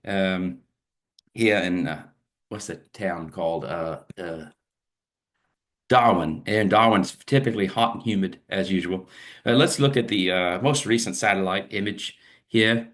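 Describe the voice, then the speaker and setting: A man's voice: low voice, a little slow, a bit bright. A man putting on a weak mock Australian accent as a weather presenter, rambling cheerfully over maps in an informal forecast. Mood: jaunty. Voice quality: self-admittedly weak, uneven accent imitation. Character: man weather presenter in a clumsy put-on Aussie voice.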